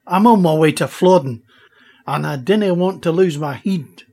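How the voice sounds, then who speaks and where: A man voicing a proud Highland chieftain, a talking egg in a storybook, with a Scottish accent. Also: a little mellow. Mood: hearty. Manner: proud, brisk, aloof.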